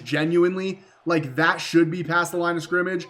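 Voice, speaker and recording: Young male gaming creator, bright and slightly high voice, excitable play-by-play with frustrated outbursts. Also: moderate pace, hardly any pauses. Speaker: gaming YouTuber. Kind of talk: live gameplay commentary.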